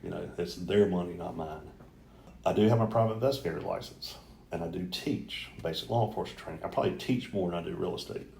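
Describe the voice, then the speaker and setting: A middle-aged North Carolina man running for mayor appears as a guest in a casual interview, speaking fast in a low, gravelly, warm voice. He talks earnestly but rambles, often restarting his sentences. The room is roomy and echoey, with a little hiss or hum in the background.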